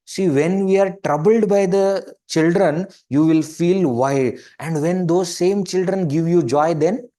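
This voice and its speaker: A man giving a lively spiritual talk in Indian English, his voice sitting high for a man. He talks conversationally, firing off rhetorical questions and playing out everyday examples as he goes. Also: measured pace, hardly any pauses. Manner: animated, acts out questions and quoted people. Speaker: spiritual teacher. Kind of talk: webinar talk on joyful living.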